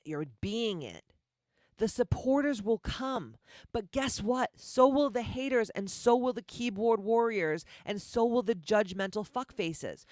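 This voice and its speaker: A woman with a deep voice hosting a motivational podcast, blunt, profane and confrontational, firing off repeated rhetorical questions. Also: no echo, clean studio sound. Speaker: podcast host.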